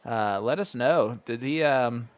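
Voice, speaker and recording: Male darts commentator, Hoosier accent, chatty, excitable, laughs easily. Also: medium pitch, slow pace, highs cut off. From Indiana. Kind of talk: live sports commentary.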